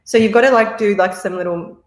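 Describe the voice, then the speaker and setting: A woman's voice: mid-range voice, fairly quick, echoey room. An Australian woman chatting as a podcast guest, rambling and laughing often. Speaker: podcast guest, marketer and actor. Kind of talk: casual interview chat.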